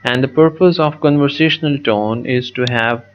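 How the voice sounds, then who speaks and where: A man teaching a poetry lesson, slow and methodical, repeating words as he writes on the screen. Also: medium pitch, highs cut off, slight background noise. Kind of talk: poetry lesson with a digital pen.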